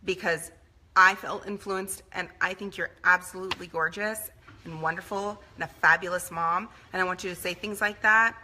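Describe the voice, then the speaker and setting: Earnest woman with a bright voice. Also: lowish voice, steady tone, moderate pace, a little hiss or hum. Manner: earnest, conversational, acts out quoted voices. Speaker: speaker. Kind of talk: motivational talk.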